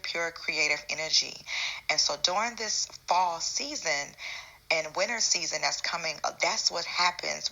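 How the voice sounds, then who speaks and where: Low, bright-toned woman hosting a spiritual vlog. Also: rough recording. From United States. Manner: relaxed, rambling with fillers and restarts. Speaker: spiritual channel host. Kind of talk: casual spiritual vlog talk.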